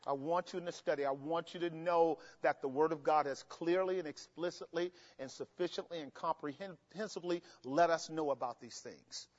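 A man's voice: a little high, normal speed, hardly any pauses. A man teaching a Bible study as pastor, asking the listeners to finish his sentences and driving his points home with emphasis. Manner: call-and-response questions, emphatic. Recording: dull sound with long hall reverb.

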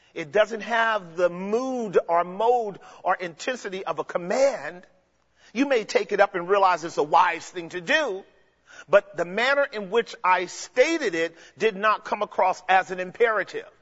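A man's voice: sits high, animated, normal speed, a bit bright. A man preaching an expository sermon, explaining the text emphatically and addressing the congregation directly. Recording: dull lo-fi recording with long hall reverb.

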